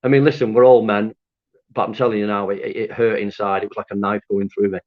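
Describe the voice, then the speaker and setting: A man from Lancaster, telling his story to an interviewer in an animated, candid way, swearing freely and laughing at himself. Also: on the low side, fast talker. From Lancaster, North West England. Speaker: interview guest. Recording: dull lo-fi audio.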